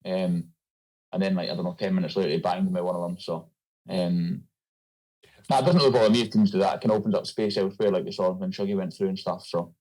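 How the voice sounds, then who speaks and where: Fast-talking laid-back Scottish man. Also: low voice, level tone, warm tone, poor audio. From Scotland. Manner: laid-back, loose, with many fillers. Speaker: guest, rugby player. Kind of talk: casual interview chat.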